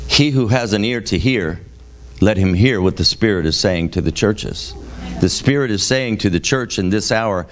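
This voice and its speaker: A man preaching a sermon in a church service. He reads scripture aloud and breaks into emphatic, exasperated commentary that jumps from low reading to loud, high exclamations. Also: animated, normal speed. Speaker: guest preacher.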